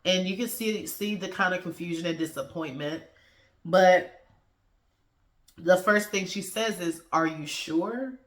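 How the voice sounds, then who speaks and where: A woman's voice: on the low side, a little slow, pauses often. Chatty woman reviewing TV in a roomy space. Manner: animated, slangy, acts out the characters' lines. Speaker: TV episode reviewer. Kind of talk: casual review vlog.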